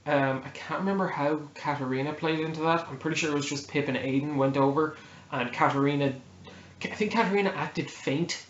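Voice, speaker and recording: A young man casually retelling a tabletop game story, relaxed and laughing, correcting himself as he goes. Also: a little high, a little fast. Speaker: player telling a game story. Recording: echoey room, dull lo-fi audio.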